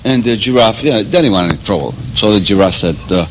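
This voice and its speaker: A man from Cuba telling jokes in an animated way, pausing on fillers. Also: lowish voice, a little hiss or hum, rough recording. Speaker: joke teller.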